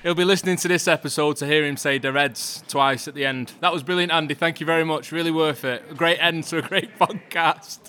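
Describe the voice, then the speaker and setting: A man's voice: a little high, steady tone, a little fast, few pauses, background noise. A man hosting a podcast from a football stadium, chatting cheerfully and laughing often. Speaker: podcast host. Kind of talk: casual podcast chat.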